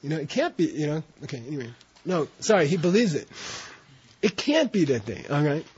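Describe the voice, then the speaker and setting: A man's voice: on the high side, big pitch swings, a little fast, darkish tone, breathy edge. A man teaching a class, often checking in with his students as he explains, in a dull lo-fi recording of a classroom. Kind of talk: classroom instruction.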